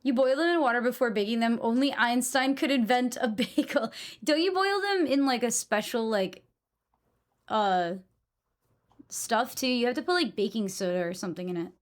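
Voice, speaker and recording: A woman's voice: on the high side, normal speed. A young woman from New England chatting casually with her live stream audience, blunt and given to swearing.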